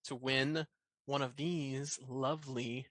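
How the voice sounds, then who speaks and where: Bright-voiced man running a tabletop game. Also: mid-range voice, slow pace, no echo. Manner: relaxed, hesitant with fillers. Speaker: dungeon master.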